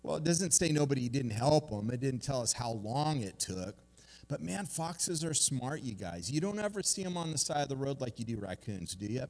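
A man preaching a casual, conversational sermon, telling stories with lively asides to his listeners. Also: mid-range voice, moderate pace. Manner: chatty, animated storytelling with "you guys" asides. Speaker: pastor. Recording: long hall reverb.

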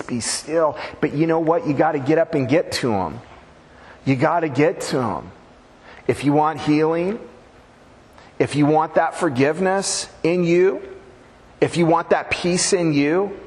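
A man's voice: mid-range voice, long reverb tail. A man preaching a sermon as pastor, conversational and folksy, with humorous asides to the congregation.

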